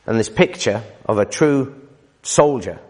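A man preaching in a church hall, his voice a little husky with a long reverb trailing behind it. He is animated and teasing, jumping between loud emphasis and quieter asides. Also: a little slow. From United Kingdom. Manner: animated, teasing, emphatic, with lively pitch swings and laughs. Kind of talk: sermon.

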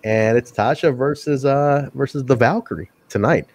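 A man co-hosting a casual wrestling review podcast, profane and quick to laugh. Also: medium pitch, no echo. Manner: profane, animated, laughs often. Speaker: podcast co-host.

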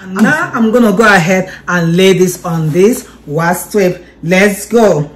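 Excitable woman demoing a beauty product. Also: mid-range voice, measured pace. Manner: chatty and excitable, repeats herself. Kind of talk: casual product demo vlog.

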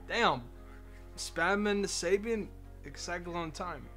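A male streamer talks in a slow, drawn-out, laid-back way. His voice sits a bit high, and he mutters half his lines as asides to chat. Faint music plays under his voice. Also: fairly bright tone. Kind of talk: casual live-stream chat.

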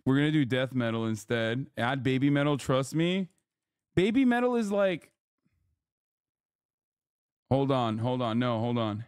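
Slow, profane ranting man. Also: medium pitch, lively intonation, a little mellow, clean tone, no room sound, studio quality. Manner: thinks aloud while typing prompts. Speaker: streamer contestant. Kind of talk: casual livestream chat.

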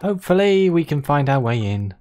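A let's play host chats and muses casually while gaming, reading the story text aloud. Her or his voice is medium-pitched with a darkish tone, big pitch swings, and a brisk pace.

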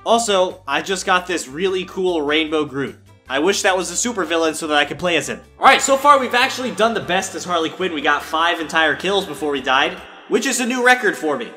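High, animated young man gaming. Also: a little fast, faint music behind. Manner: animated, yelps and squeals when startled. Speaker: gaming YouTuber. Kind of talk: playful gameplay commentary.

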